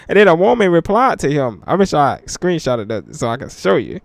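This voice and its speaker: A young man giving casual reaction commentary in relaxed slang, slowing down when he reads verses aloud. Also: fairly high pitch, vocal fry, no room sound. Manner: laid-back slangy banter, reads scripture slowly. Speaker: commentary channel host. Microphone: headphones with mic.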